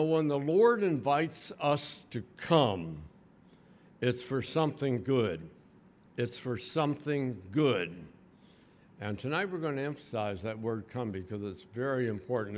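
An older man from the United States gives a sermon in a church. His voice sits at a middle pitch, and he keeps a folksy, conversational manner, addressing the congregation directly. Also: slight background noise. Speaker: preacher.

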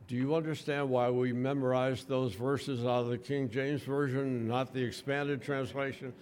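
Older male preacher from the United States, mid-pitched, folksy and conversational with the congregation. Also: little pitch movement, normal speed, few pauses, a little mellow, clear, resonant tone. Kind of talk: sermon. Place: church.

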